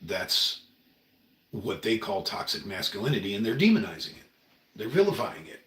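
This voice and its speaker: Speaking from a room in his house, this middle-aged Oregon livestream host rambles earnestly and emotionally through a casual monologue. His pitch sits on the low side but swings widely, and he keeps a moderate pace. Picked up from across the room, the audio is roomy and slightly off-mic.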